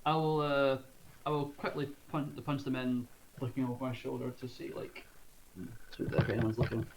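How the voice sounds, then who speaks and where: A woman's voice: rumbling low, fairly even intonation, moderate pace, a little mellow, a little hiss or hum, poor audio. Hesitant stammering woman player.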